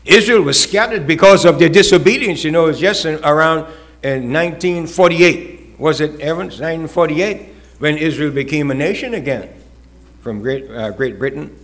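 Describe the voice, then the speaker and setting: A man's voice: a little high, lively intonation, moderate pace, a bit bright. A male pastor preaching a sermon, with rising, emphatic calls and acted-out quotes.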